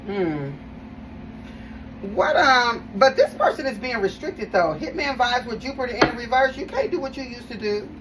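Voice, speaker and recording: A woman gives an easygoing tarot reading in a slightly high, somewhat bright voice with lively intonation and normal speed. She talks directly to viewers, emphatic and chatty, often repeating phrases. Faint background noise is present, and she's a bit far from the mic.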